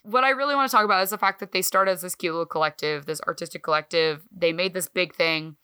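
A woman co-hosting a podcast in casual chat, talking in an animated, swearing, self-mocking way. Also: fairly low pitch, fast, clean tone. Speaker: podcast co-host.

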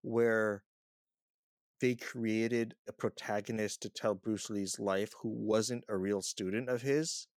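Brief: man, lower voice, podcast co-host reviewing films, dry close mic. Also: slow pace, no echo. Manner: animated, mocks scenes with quoted reactions. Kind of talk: casual movie review chat.

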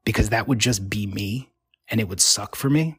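A man voicing a sleepy young woman who dismisses her partner in a flat, yawning way. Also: lowish voice, normal speed, husky. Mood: dismissive.

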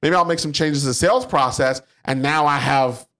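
A podcast co-host chats casually about sales in a business conversation, animatedly acting out the salespeople he quotes. His voice is on the high side and his pace brisk.

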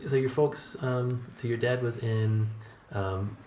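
A man's voice: mid-range voice, fairly even intonation, takes it slowly, mellow, echoey room, slight background noise. A man from the United States hosting a casual interview, chatty and rambling, laughing often. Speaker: host.

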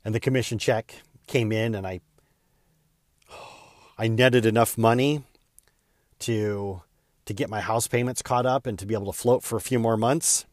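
A middle-aged man tells a personal story with earnest, heartfelt feeling. His voice sits on the low side, and his pace quickens and eases with the emotion. The sound is dry and close, with no room echo. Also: steady tone. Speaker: real estate agent and podcaster.

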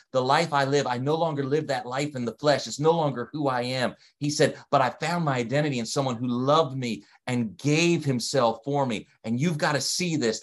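Emphatic pastor with a Delaware accent. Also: male voice, medium pitch, a bit bright. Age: 40s. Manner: emphatic, repeats key phrases, asks listeners to respond. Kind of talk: sermon. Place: streamed online service.

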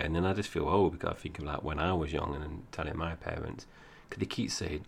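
Low gravelly man with slight Cockney. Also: quick pace, hardly any pauses, a little hiss or hum. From Essex, England. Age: 40s. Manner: chatty, rambling, laughs often. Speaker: podcast co-host. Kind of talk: casual chat.

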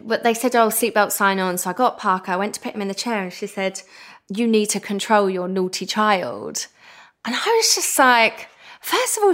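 A British woman in her thirties talks as a podcast guest, her voice bright and forward. She recounts stories in a loose, animated way, with "like" scattered all through. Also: mid-range voice. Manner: chatty and animated, heavy use of "like". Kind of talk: casual storytelling chat.

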